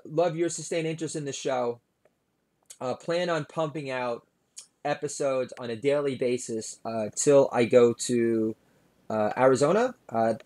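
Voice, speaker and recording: A middle-aged man, a stand-up comedian hosting his own podcast, delivers a rambling comedic monologue full of filler sounds. He bursts into loud, high-pitched rants, then drops into mumbly asides packed with "uh."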